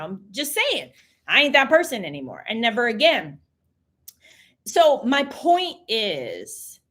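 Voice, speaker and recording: A chatty woman hosts a casual stream, talking straight to her viewers. Her voice sits high, and its pitch swings widely from one phrase to the next. She talks with an emphatic, animated manner. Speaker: host. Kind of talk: casual livestream chat.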